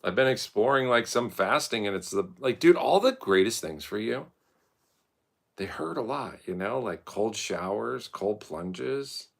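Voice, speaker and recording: A man rambles through crude, self-mocking stories. His low voice has a gravelly edge. His pitch swings widely, jumping up hard when he mocks other people. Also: animated, measured pace. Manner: profane, rambling, self-mocking, loud mocking quotes. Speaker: streamer telling stories. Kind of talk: casual rambling storytelling.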